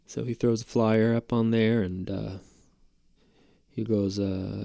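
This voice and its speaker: Gravelly podcast host, rambling and profane, in a dry booth. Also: male voice, on the low side, steady tone, measured pace, mellow, no echo. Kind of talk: casual storytelling monologue.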